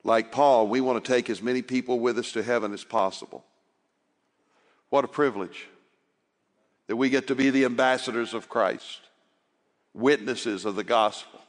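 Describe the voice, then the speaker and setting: Impassioned preacher in a reverberant hall. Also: male voice, medium pitch, moderate pace, long pauses. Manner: impassioned, swings from loud urging to soft hushed tones. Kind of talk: sermon.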